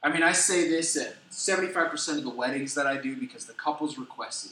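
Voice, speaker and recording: A middle-aged man preaching a sermon as a pastor, telling stories with animated, self-deprecating humor. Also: a little high, quick pace, hardly any pauses, a little hiss or hum. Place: church sanctuary. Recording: echoey church hall.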